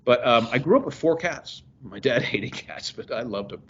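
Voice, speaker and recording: Animated storytelling man, lo-fi sound. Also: mid-range voice, normal speed, breathy edge. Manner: animated storyteller, acts out quoted voices. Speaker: podcast guest. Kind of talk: casual chat. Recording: dull lo-fi audio.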